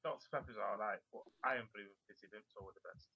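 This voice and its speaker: A man's voice: on the low side, quick pace, slight background noise. A man co-hosting a casual internet radio chat, blunt and opinionated. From Britain. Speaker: co-host. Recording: dull lo-fi internet audio.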